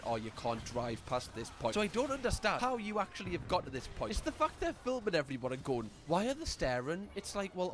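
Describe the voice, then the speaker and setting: Sarcastic young man with a lively, animated voice. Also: a little high, noisy background. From Europe. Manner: sarcastic, incredulous, rambling with many fillers. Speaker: reaction video host. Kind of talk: casual comedic commentary.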